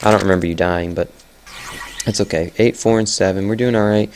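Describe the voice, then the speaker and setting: A man's voice: low-pitched, steady tone, fairly quick, darkish tone, a little hiss or hum. A young man giving casual, chatty commentary on a game replay, blunt and often correcting himself.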